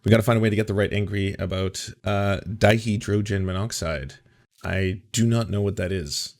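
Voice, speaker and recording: Low-voiced guy hosting a chatty politics show, jokey and rambly. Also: moderate pace, gravelly. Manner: rambling, joking, with filler and restarts. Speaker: host. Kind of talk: casual political commentary chat.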